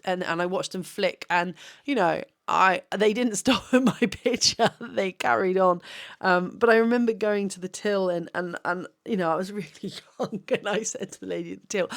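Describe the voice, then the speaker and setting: Tired, rambling woman. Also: lowish voice. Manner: rambling and candid, many restarts, laughs often. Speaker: photographer. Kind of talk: candid late-night vlog.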